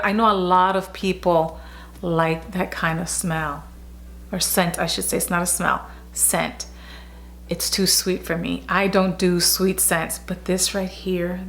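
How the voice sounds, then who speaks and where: Gushing chatty woman beauty vlogger. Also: mid-range voice. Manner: chatty and gushing, with restarts and asides. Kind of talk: casual product review chat.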